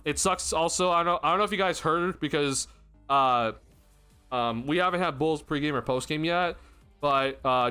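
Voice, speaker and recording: A young man hosts a sports livestream, ranting in exasperated disbelief and breaking into laughter. His voice is bright and forceful and sits a little high. Faint music plays underneath. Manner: exasperated, laughing, rambling with restarts. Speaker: sports streamer.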